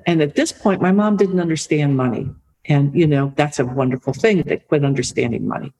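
A middle-aged woman, an author and podcast guest, telling a family story in a lively conversational way. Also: low-pitched, low-quality recording. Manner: lively anecdotal storytelling, repeats for emphasis.

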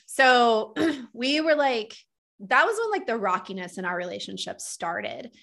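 A woman's voice: on the high side, unhurried, creaky. A woman in her thirties as a podcast guest, telling her own story in a candid, casual way full of "like" and "um". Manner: frequent "like" and "um" fillers, candid and animated.

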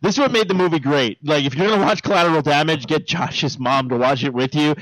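A man's voice: a little high, quick pace, fairly bright tone, no room sound, rough recording. A man on a comedy podcast, telling a rowdy, profane story and slipping into mock voices. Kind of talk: casual comedic chat.

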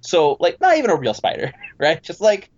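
A man spinning a long anecdote in casual podcast chat, his pitch swinging widely as he acts out the people in it. He rambles and restarts, and the recording sounds somewhat dull and lo-fi. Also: normal speed. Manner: animated, rambling, acts out voices in his story. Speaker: podcast guest. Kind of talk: casual storytelling.

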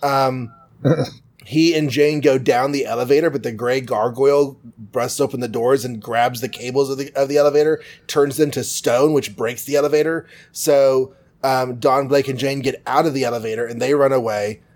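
A man's voice: mid-range voice, steady tone, normal speed, darkish tone. Chatty man recapping comics. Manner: chatty, jokey, full of fillers. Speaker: podcast host. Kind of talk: casual comic book recap.

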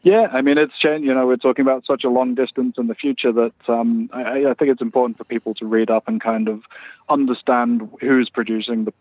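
A man's voice: medium pitch, fairly even intonation, a little fast, no echo. British man on a tinny line. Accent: British English. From England. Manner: thoughtful, with many fillers and restarts. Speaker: guest expert. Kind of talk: interview answers over a remote line. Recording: tinny phone-quality line.

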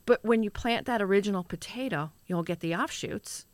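A woman guest in a live chat, playful and quick to joke while explaining growing tips. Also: medium pitch, no echo. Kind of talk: casual livestream chat.

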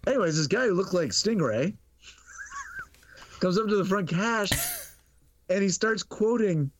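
A middle-aged man telling a story on a podcast, casual and animated, acting out the dialogue and laughing often. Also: high voice, measured pace, background noise. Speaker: podcast guest.

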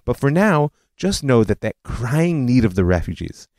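A man hosting a history podcast, telling it as a scripted lecture with animated storytelling and personal asides. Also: mid-range voice, normal speed, no echo.

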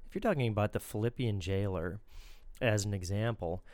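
A man's voice: lowish voice, brisk, a little mellow, no echo. A man, a Lutheran pastor co-hosting a show, explaining scripture and critiquing a sermon in a teacherly way.

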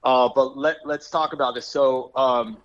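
A man's voice: medium pitch, fairly even intonation, unhurried. A man from Arizona, a guest artist, talking enthusiastically over the phone in a casual interview. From Arizona, USA. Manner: enthusiastic, rambling with restarts. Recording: dull phone-line sound.

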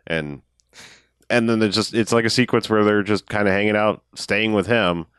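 A man's voice: on the low side, moderate pace, fairly bright tone, clean tone, dry recording. A man co-hosting a casual podcast about a film, making dry wisecracks and quoting the characters animatedly. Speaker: podcast co-host. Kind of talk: casual movie recap chat.

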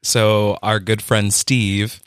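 A man co-hosting a podcast who tells stories in an animated way and laughs often. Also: lowish voice, slow pace, clean tone, dry recording, studio quality. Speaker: podcast co-host. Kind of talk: casual chat.

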